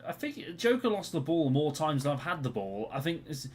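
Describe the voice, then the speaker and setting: A British man talks through a live game in a lively, swooping voice, cursing and complaining about his teammates as he plays. His tone rises and falls a lot. A faint clack of typing sits under his voice. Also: on the high side, normal speed, slight background noise. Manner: swears and grumbles at teammates. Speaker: streamer. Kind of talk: live gameplay commentary.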